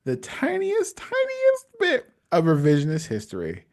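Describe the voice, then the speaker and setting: A man's voice: fairly high pitch, a little slow, creaky. Playful, swooping male podcast guest. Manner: playful contrarian, swooping expressive delivery. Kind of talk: casual podcast chat.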